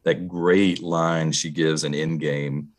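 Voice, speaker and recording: A middle-aged man, married, talking in a relaxed, measured way as he co-hosts a casual movie discussion. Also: a bass voice. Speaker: podcast co-host.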